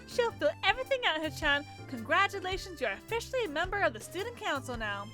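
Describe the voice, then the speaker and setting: A woman's voice: big pitch swings, quick pace, music in the background. A woman voicing a cheerful, exuberant teenage schoolgirl while reading a visual novel aloud. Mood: bubbly. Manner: high, sing-song and exuberant.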